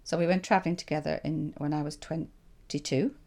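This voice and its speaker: An Irish woman in her sixties recalls her past for an interviewer. Her low voice is warm and mellow with a gravelly edge. She tells her stories in a lively way, voicing the thoughts she had back then. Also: brisk. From Ireland. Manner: animated storyteller who acts out her own past thoughts. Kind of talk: reflective personal storytelling.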